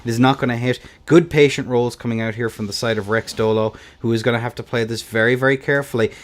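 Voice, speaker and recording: A young man doing play-by-play commentary on a video game tournament, animated, swinging between hushed and hyped calls, with playful asides. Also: medium pitch, fast. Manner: playful, slips into a joking Scottish accent.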